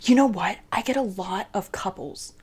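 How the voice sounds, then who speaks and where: A woman's voice: medium pitch, moderate pace, over a noisy crowd. Blunt young woman podcaster. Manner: blunt, outspoken, emphatic. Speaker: podcast co-host. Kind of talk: casual chat.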